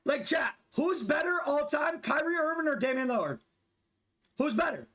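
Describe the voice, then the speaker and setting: Man, 20s, gaming streamer; high, animated voice, loose profane banter. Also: moderate pace. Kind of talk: casual live-stream chat during gameplay.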